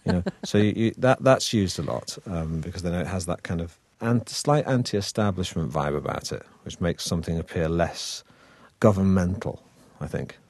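An actor guest from Manchester talks in a relaxed conversational interview, his northern English accent softened toward received pronunciation. His deep, a little mellow voice is expressive at normal speed, and he's loose, wry and chatty, full of ums and false starts. The sound is close and dry, with no room sound.

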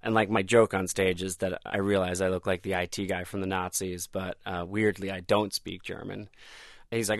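A man's voice: sits low, fairly quick, dry recording. A comedian in his thirties telling a personal story, acting out the dialogue as he goes. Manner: animated, acts out dialogue.

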